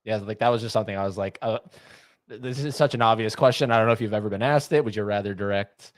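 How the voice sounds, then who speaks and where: A man hosting a podcast interview over a video call, easygoing and quick to laugh, with short replies between questions. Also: lowish voice, no room sound, clean studio sound. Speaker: podcast host. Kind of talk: casual interview chat.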